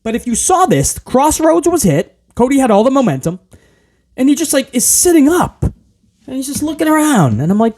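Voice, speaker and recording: A man hosting a casual wrestling review, ranting in an animated, exasperated way. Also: very high voice, normal speed. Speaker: podcast host.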